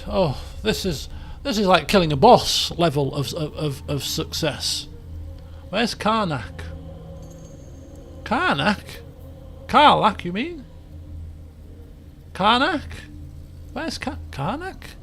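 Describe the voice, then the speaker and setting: A man's voice: sits high, sing-song, slow, gravelly, pauses often, pushed and bright, a little hiss or hum. A man chatting his way through a video game, thinking aloud and poking fun at himself. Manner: chatty, thinks aloud, jokey and self-mocking. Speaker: game streamer. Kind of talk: casual let's play commentary.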